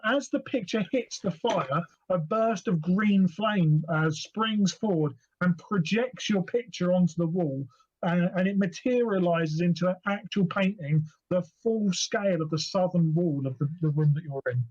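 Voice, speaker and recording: A man's voice: high-pitched, measured pace, a little mellow. A man narrating as game master, describing scenes wryly with fillers. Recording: dull lo-fi audio.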